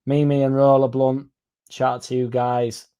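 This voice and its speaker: A man's voice: mid-range voice, flat delivery, normal speed, mellow, clean tone. A young man hosting a casual livestream, reading out comments and going off on sweary, rambling tangents. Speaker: fan channel livestream host.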